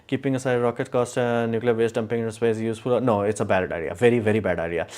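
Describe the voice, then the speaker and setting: A man speaks off the cuff on a live stream, his voice sitting at an ordinary middle pitch. He is opinionated and rambling, with frequent fillers and restarts. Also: steady tone, fast talker, darkish tone, smooth. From India. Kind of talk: casual live stream talk.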